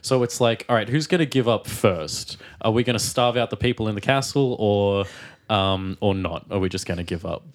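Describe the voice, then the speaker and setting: A man with a fairly low voice co-hosts a podcast in easy conversation. He explains things plainly and teases in a dry, laid-back way. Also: moderate pace. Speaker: podcast co-host. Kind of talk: casual chat.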